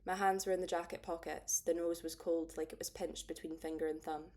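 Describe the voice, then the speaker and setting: A woman narrating a first-person audiobook in a steady, understated way. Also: lowish voice, a little fast.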